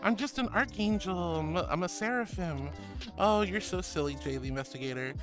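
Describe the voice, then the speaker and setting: A man's voice: high voice, animated, fairly quick. A man streaming and reading his chat aloud, affectionate and playful, calling viewers sweetie and honey and shrugging off compliments. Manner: playful, self-deprecating. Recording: loud music behind the voice.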